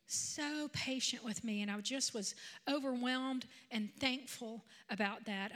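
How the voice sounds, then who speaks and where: A woman in her fifties who is a grandmother, preaching a sermon that mixes personal stories with conversational asides. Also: on the high side. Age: 50s. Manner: conversational, animated storytelling with asides.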